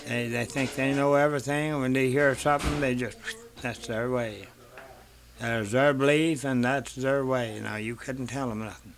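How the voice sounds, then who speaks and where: A man's voice: medium pitch, steady tone, moderate pace, slight background noise. An older man telling family stories in a rambling way, in rural dialect, repeating "he said" and swearing freely. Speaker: interviewee. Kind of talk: rambling folk storytelling.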